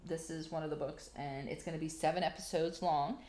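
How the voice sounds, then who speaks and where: A woman's voice: low voice, steady tone, brisk, a little mellow. A woman co-hosting a podcast, telling stories in a chatty casual way with frequent restarts. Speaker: podcast co-host. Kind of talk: casual chat.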